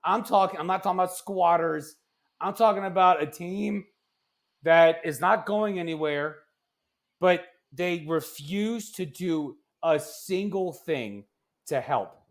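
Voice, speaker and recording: A man co-hosting a casual sports podcast, ranting in an animated, exasperated way that often turns loud. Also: high-pitched, a little slow. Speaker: podcast co-host.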